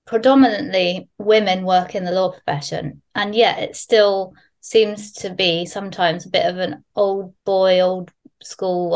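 A woman of middle pitch talks candidly in a relaxed podcast conversation. She swears freely and tells lively stories from her own life. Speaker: guest. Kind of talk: casual podcast chat.

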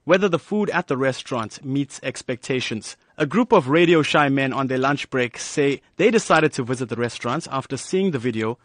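Guy doing a radio news piece, smooth scripted read, dead dry booth. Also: mid-range voice, expressive, normal speed, few pauses, no room sound.

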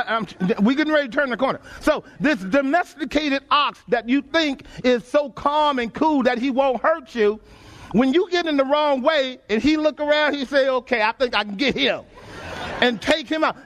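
A Texan man preaching to his congregation, his voice riding unusually high. He keeps checking in with the room and drawing answers back from the pews, folksy and emphatic throughout. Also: fairly bright tone. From Texas. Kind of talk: sermon. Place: church sanctuary before a congregation.

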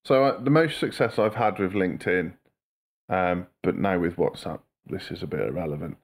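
A man's voice: sits low, moderate pace. A man co-hosting a podcast, chatting casually and telling stories with mocking voices. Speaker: podcast co-host.

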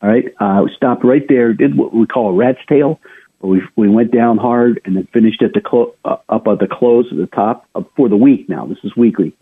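A man's voice: medium pitch, normal speed, husky. A male radio host giving chatty financial market commentary, talking straight to his listeners with frequent restarts and asides. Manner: chatty, addresses listeners directly, many restarts. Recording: narrow phone-like radio sound.

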